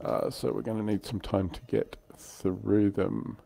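A man's voice: on the low side, fairly even intonation, unhurried, vocal fry, dark tone, slight background noise. An older man hosting a casual livestream chat, chatty and self-deprecating, laughing often. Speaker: livestream host.

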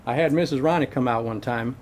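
A man's voice: mid-range voice, brisk, darkish tone, slight background noise, natural voice. A middle-aged man playing a crude, folksy handyman who rambles along in profane slang, in a comedic monologue.

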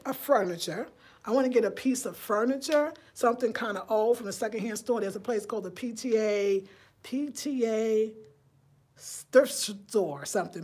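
A chatty woman talks to her viewers on a casual live stream from inside her home. She keeps it lively and personal, and she asks them questions as she goes. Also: mid-range voice, slightly rough. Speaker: vlogger.

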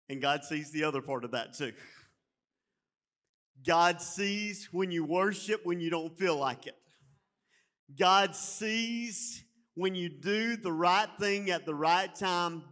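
Southern US male pastor, high voice, sermon delivery, folksy asides to the congregation, climbs to fervent exhortation. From Alabama. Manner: builds from quiet storytelling to loud preaching; folksy, calls the congregation y'all.

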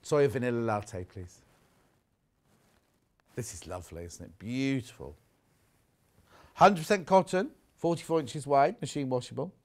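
Lively chatty English man presenter. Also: mid-range voice, measured pace, pauses often. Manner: chatty, animated, reads viewer messages aloud. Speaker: shopping channel presenter. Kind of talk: live sales chat. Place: TV studio.

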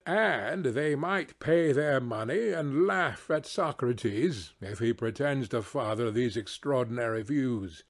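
A man's voice: medium pitch, animated, takes it slowly, few pauses. Man reading a defence speech aloud. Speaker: audiobook reader.

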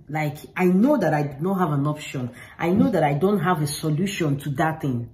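A woman's voice: deep voice, normal speed, few pauses, mellow, slight background noise, poor audio. A woman talking straight to the camera, giving earnest, informal faith advice and repeating herself for emphasis. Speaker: faith vlogger.

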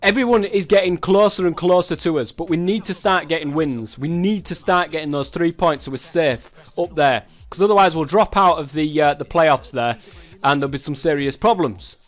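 A young man with a high-pitched voice talks over his football game. He rants and swears at the game in a casual, frustrated way. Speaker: gaming YouTuber.

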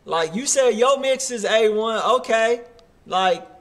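A man's voice: very high voice, expressive, unhurried, fairly bright tone. A man hosting a live music review show, giving casual slangy feedback on songs and hyping the chat. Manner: casual slangy hype talk.

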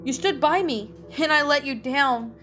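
A woman voicing an ashamed, gentle young male puppy in a fan fiction reading, with a soft, earnest delivery. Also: high-pitched, normal speed, faint music behind.

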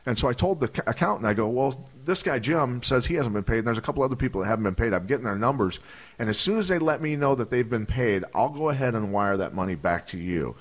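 A man's voice: medium pitch, expressive, quick pace. A man, a retired fighter telling profane stories on a podcast and acting out the voices of the people in them. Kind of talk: casual storytelling.

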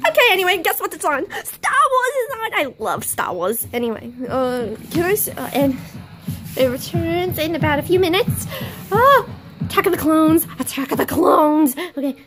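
A young woman playing a brash, wisecracking host in an improvised home-video comedy sketch, rambling and bickering with rough language, recorded on a camera mic in a living room. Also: sits high, big pitch swings, normal speed, a bit bright, slight background noise. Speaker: fan comedy sketch performer.

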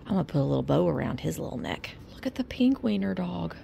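A woman's voice: fairly low pitch, big pitch swings, fast talker, gravelly, mellow, a little hiss or hum. A woman with an American Midwestern accent vlogging as she shops an antique mall, gushing over finds and often dropping to a whisper. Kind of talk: casual shopping vlog commentary.

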